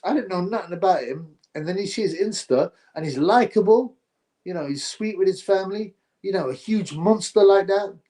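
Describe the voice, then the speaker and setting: A man hosting a live stream, chatting to viewers and reacting excitably to a fight. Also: high-pitched. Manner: chatty, excitable, slangy, talks to chat viewers.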